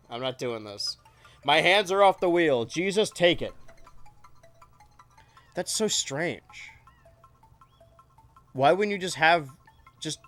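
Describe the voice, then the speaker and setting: A man casually commenting as he plays a video game on stream, joking with his chat. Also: mid-range voice. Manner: joking, animated, talking to chat while playing.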